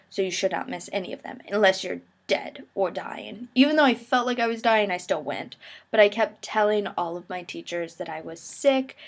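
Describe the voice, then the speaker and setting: A young woman from America, a university student, chatting to the camera in a self-mocking way while getting over a cold. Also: mid-range voice. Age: young adult. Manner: chatty, self-mocking, animated quoted voices. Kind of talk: casual chat to camera.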